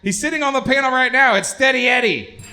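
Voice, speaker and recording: A man's voice: very high-pitched, fast talker, pushed and bright. A man hosting a live comedy show, crude and joking in a loose, unplanned way. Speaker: host.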